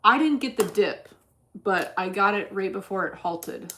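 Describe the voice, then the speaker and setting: A woman's voice: medium pitch, lively intonation, unhurried, pushed and bright. A woman streaming her day trading in casual chat, blunt and cursing freely as she thinks aloud. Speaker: livestreamer trading stocks.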